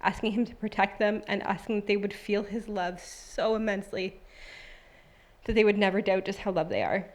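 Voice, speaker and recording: Her voice is mid-range and steady in tone, her pace moderate. The speaker, a woman in her thirties at a church service, tells her personal testimony in a heartfelt, chatty manner peppered with fillers and then turns to reading scripture aloud.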